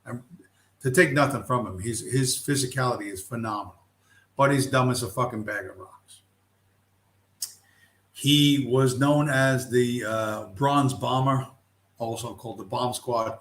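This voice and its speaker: A man's voice: medium pitch, unhurried, pauses often, a bit bright. A middle-aged man hosting a casual livestream, ranting bluntly with heavy profanity. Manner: blunt, heavily profane, heated. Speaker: livestream host. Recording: roomy echo.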